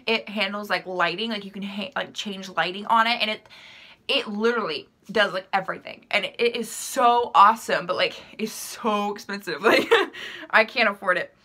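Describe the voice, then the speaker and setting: Chatty young woman with a bright voice. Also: medium pitch, normal speed. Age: young adult. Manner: chatty, rambling, full of "like" and "um"; laughs easily, self-deprecating. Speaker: vlogger. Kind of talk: casual chat answering questions.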